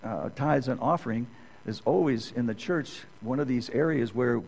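A man's voice: medium pitch, moderate pace, vocal fry, a little mellow, slight background noise, low-quality recording. A middle-aged man preaching a sermon in a conversational way, often checking in with the listeners by asking "okay?".

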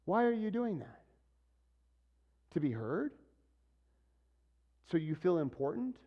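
A man preaching a sermon to his church in a lively, conversational way, acting out what people say. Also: high-pitched, slow, muffled recording. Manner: animated, conversational preaching with acted-out quotes. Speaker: pastor.

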